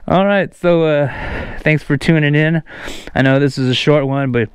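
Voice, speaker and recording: A man's voice: fairly high pitch, clean tone, no room sound. A man vlogging in a casual, joking way, drawing out his words with fillers. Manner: joking, drawn-out delivery with fillers. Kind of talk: casual vlog talk.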